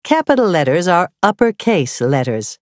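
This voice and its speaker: A woman narrating a scripted grammar lesson, reading slowly and carefully with clearly spelled-out examples. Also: fairly low pitch, very animated, darkish tone, no echo, studio quality. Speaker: teacher.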